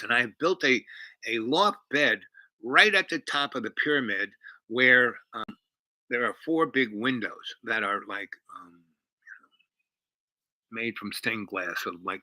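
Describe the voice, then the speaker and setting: Bright, lively rambling male storyteller. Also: medium pitch, no echo, low-quality recording. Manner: rambling, heavy on fillers, animated.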